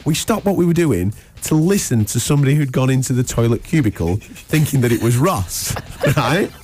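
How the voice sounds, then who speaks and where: Animated radio host. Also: male voice, medium pitch, moderate pace, slight background noise. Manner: laughing storyteller, acts out voices. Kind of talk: animated anecdote telling.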